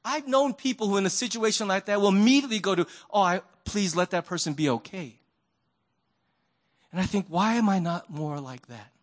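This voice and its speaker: A man's voice: high-pitched, a little fast. A man preaching a conversational sermon, telling stories and asking rhetorical questions. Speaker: pastor.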